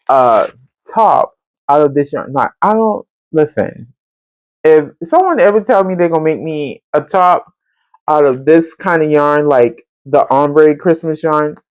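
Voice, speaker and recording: A woman, hosting a podcast and telling a story in casual chat, animated and chatty, often jumping into a high voice to quote people. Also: no room sound. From Central Texas. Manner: colloquial and chatty, addresses listeners as y'all. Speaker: podcast host.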